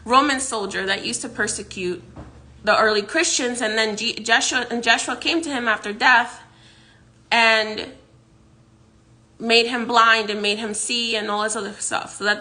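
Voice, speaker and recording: A woman's voice: fairly high pitch, normal speed, bright, forceful tone. A woman vlogger casually recounting a dream, rambling with many restarts and frequent laughs. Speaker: psychic vlogger. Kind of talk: casual storytelling.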